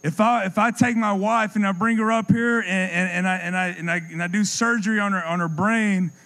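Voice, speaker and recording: Male preacher, slightly high pitch, passionate sermon delivery, faint crickets and hum in the background. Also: fairly even intonation, a little fast, rough recording. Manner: impassioned, dropping low and soft for effect; repeats words when building a point.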